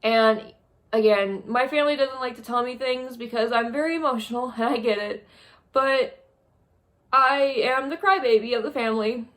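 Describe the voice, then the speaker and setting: A young woman vlogging a monthly review from a small spare room, speaking haltingly and wearily while close to tears. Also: a little high, a bit bright. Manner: halting, heavy, emotionally drained. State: on the verge of tears. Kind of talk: tearful monthly review vlog.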